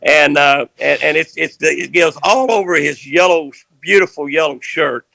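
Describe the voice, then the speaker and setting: An older man, telling a rambling fishing story in a folksy, animated way. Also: a little high, moderate pace, creaky, no room sound. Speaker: fishing guest.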